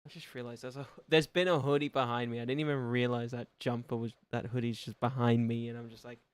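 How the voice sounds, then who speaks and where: A man's voice: medium pitch, flat delivery, quick pace, smooth, dry recording. A man chatting on a gaming livestream, rambling and joking and laughing often. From Australia. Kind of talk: casual gaming livestream chat.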